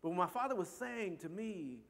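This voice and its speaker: A man's voice: high-pitched, expressive, normal speed, vocal fry, a little hiss or hum. A man from Compton with a Chicano English accent, telling a personal story in a rambling way with many asides. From Compton, California. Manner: warm, rambling, many asides like "you know" and "right". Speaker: speaker.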